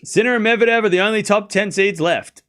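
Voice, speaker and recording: A man's voice: high voice, fast talker, fairly bright tone, clean tone. A man hosting a live stream, chatting casually, often laughing and joking sarcastically as he reads and answers his chat.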